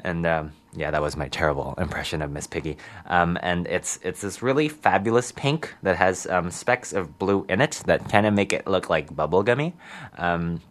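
A man's voice: low-pitched, normal speed. A man hosting a community radio show, chatting casually and giggling with lots of ums.

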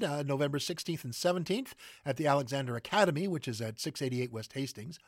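A man hosting theater announcements, stumbling through with fillers and self-corrections. His voice sits a little high, and it is recorded close to the mic, dry and without room sound. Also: no room sound. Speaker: theater news host. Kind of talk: casual radio announcements.

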